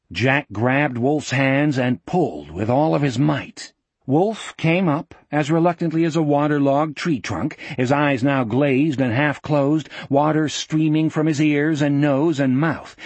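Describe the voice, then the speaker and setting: A man narrating an audiobook in a measured, vivid storytelling manner. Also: fairly high pitch, breathy edge, no echo.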